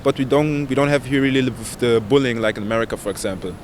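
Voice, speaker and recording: A young man, answering street interview questions casually and haltingly, often searching for words. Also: mid-range voice. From Germany. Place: city street outdoors. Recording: outdoor street with loud traffic noise.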